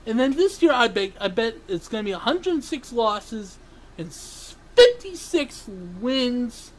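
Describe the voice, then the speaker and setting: A sports vlogger ranting angrily, swearing and breaking into sudden yells, then apologizing for them. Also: mid-range voice, big pitch swings, unhurried, rough recording. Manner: ranting, swearing, bursts into yelling; self-interrupting, apologizes for yelling. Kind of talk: angry sports rant.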